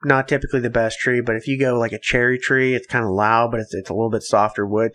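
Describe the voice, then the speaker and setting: A man's voice: mid-range voice, steady tone, quick pace, fairly bright tone. A man co-hosting a podcast, chatting casually and giving advice with plenty of fillers. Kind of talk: casual chat.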